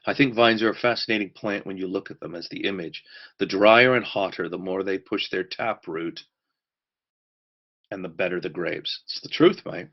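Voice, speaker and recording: A man teaches a church course in a fairly low voice. He drives his points home by repeating key words. The recording sounds dull and lo-fi. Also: fairly even intonation, moderate pace.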